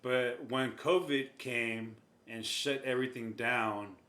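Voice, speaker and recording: A man's voice: mid-range voice, steady tone, slow, bright, forceful tone. Man, interview guest, easygoing, hesitant, laughs a lot, echoey room. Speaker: guest, music label owner. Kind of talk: casual interview answers. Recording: roomy echo.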